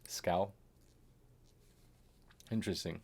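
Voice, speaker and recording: A man's voice: sits low, fairly even intonation, slow, a little mellow. A man streaming a game, chatting casually and often trailing off into muttered asides and chuckles. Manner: rambling, trailing off and muttering to himself. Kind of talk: casual live-stream commentary.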